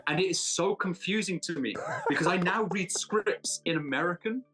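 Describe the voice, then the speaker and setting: A man from Britain chats as a guest in a casual interview, cracking self-mocking jokes and throwing in quick asides. His voice sits a touch high for a man. Faint music plays underneath. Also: bright, forceful tone. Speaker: actor guest.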